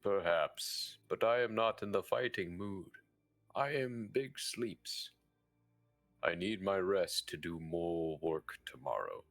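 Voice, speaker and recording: Cast: a man as a stilted, formal warrior, low voice, very slow, dry sound. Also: fairly bright tone, no room sound, faint music behind, exaggerated voice. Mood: stiff formal.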